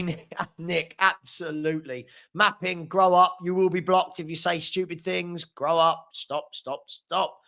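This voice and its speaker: A man's voice: a little high, steady tone, a little slow, gravelly, bright, forceful tone. A young man hosting a live football watchalong, reading out viewer comments with sarcastic banter. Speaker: fan channel host.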